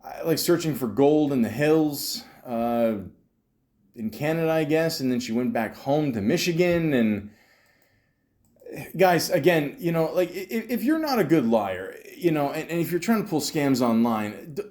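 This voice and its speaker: A man's voice: on the high side, animated, a little slow, a little mellow. A man hosting a comedy podcast, ranting in exasperation and stammering often. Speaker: podcast host. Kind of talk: comedic commentary.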